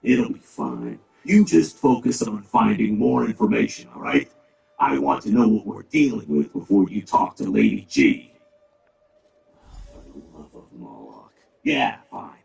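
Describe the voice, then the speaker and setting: A man's voice: fairly low pitch, wildly swooping pitch, normal speed, darkish tone, full character voice. An actor playing a big, blunt male orc who grumbles and talks with dry sarcasm. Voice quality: gravelly. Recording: roomy, distant, game music behind.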